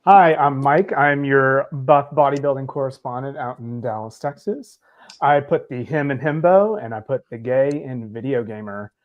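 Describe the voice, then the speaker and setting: A man's voice: mid-range voice, moderate pace, dull audio. A man who is a correspondent on a casual podcast, talking in a jokey, upbeat way. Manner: jokey and upbeat, laughs often. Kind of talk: casual chat.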